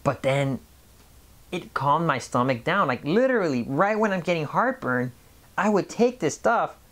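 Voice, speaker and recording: Casual vlogger of Mexican background, rambling monologue, mid-pitched voice, lots of restarts. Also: very animated, unhurried, fairly bright tone. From Mexican family background. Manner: rambling, many restarts and repeated words. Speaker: health vlogger.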